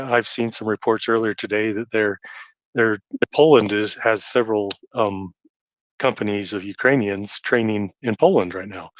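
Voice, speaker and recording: A man with a fairly low voice speaks haltingly in a relaxed live audio chat, filling gaps with ums and uhs. The sound is dry and close, with no room around it. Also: dry recording. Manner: hesitant, halting, many fillers.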